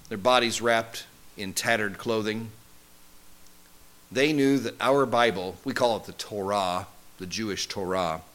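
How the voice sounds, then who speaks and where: A man playing a male disciple who recalls his travels in a first-person monologue, wry and conversational, with lively swings in emphasis. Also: mid-range voice, natural voice. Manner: conversational, wry, animated storytelling.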